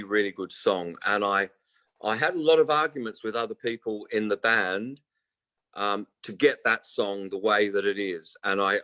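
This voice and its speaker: A man's voice: lowish voice, sharp tone, no echo, low-quality recording. A man in his sixties, a guest musician telling long stories in casual interview chat and acting out the people he quotes. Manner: rambling storyteller who acts out quoted voices. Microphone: remote call.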